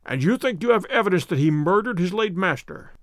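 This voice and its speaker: A man voicing a keen, brisk male detective, speaking in a crisp, earnest, measured way. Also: high voice, lively intonation, fairly bright tone, no room sound, studio quality. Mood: earnest, wary.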